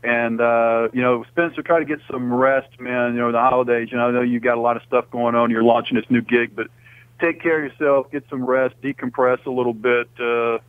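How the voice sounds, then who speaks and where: A male caller talking earnestly to a radio host, halting and restarting often. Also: mid-range voice, little pitch movement, clean tone, dry recording. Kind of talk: casual phone chat. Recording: dry tinny phone line.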